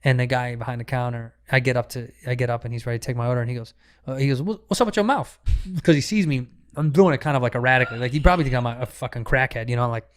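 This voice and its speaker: A man, a comedian guest on a podcast, telling a profane, animated story in casual chat with many restarts. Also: mid-range voice, rapid-fire, smooth.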